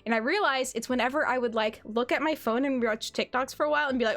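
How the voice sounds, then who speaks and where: A woman's voice: sits high, fast talker, a bit bright. A young woman chatting casually on a gaming livestream, giggly and self-deprecating. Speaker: streamer.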